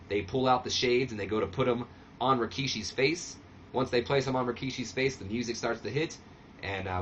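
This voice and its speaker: A man's voice: mid-range voice, a bit bright, dull audio, a little hiss or hum. A man hosting a let's-play commentary of a wrestling sim game, talking in a casual, sarcastic, self-deprecating way. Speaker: channel host.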